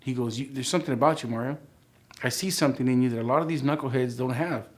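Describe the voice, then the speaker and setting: A man in his forties tells his own story in an easygoing, conversational way. He voices the people he quotes with lively jumps in tone, then drops back to a quieter, reflective voice. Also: medium pitch, quick pace. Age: 40s. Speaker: interviewee sharing his life story. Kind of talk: relaxed storytelling interview.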